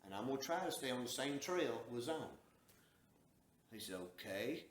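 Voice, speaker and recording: A man's voice: medium pitch, animated, normal speed. Folksy Southern man in an echoey room. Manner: folksy, drawling, acts out quoted dialogue. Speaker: storyteller. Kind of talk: casual storytelling.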